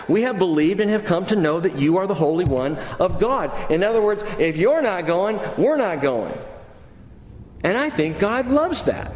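A pastor delivers an animated sermon, his voice sitting slightly high and leaping around in pitch. He drops low and soft for scripture, then climbs for excited asides. A long reverb rings through the echoey hall. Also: background noise.

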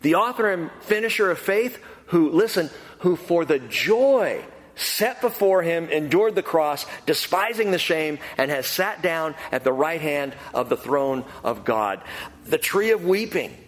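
An emphatic male preacher whose voice swings up and down with lively, animated pitch, sitting a touch above the usual range for a man. He hammers home his points by repeating them, and his words trail off in a long reverb, as in a large sanctuary. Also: unhurried. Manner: emphatic, repeats key phrases. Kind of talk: expository sermon.

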